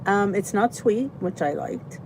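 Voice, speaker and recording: A woman's voice: medium pitch, expressive, unhurried, a little mellow, slight background noise. A tired, chatty woman hosting a casual livestream from her basement, greeting viewers by name and laughing often. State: tired, yawning. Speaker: channel host. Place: basement by a heater.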